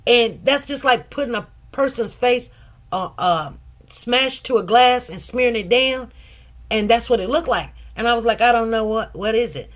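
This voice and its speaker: A woman's voice: fairly high pitch, moderate pace. A middle-aged woman, telling a personal story in a rambling, casual way, with many asides. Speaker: commentary channel host.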